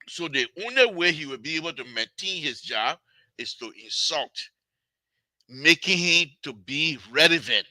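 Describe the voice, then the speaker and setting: A man's voice: sits high, bright, forceful tone, dry recording. A man with a Liberian English accent, giving heated political commentary on radio, repeating phrases as he scolds and mocks.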